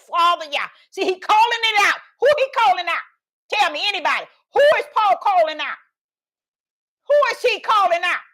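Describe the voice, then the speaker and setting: A high-voiced woman preaches over a livestream. She reads verses aloud and keeps asking her viewers to answer, in a call-and-response way. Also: a bit bright. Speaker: online preacher. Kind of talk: livestream Bible teaching.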